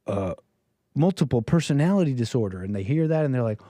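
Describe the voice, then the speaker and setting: A call-in show host speaks at a normal speed in a medium-pitched, expressive, mellow voice, reading text aloud and mocking it with casual incredulity. He chuckles frequently, and no room sound is audible.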